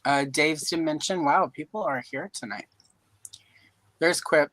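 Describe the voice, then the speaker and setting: A woman's voice: low voice, unhurried, fairly bright tone, no room sound, low-quality recording. A woman from Louisiana hosting a casual live-stream chat, joking and rambling with self-deprecating asides. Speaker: host. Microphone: video call mic.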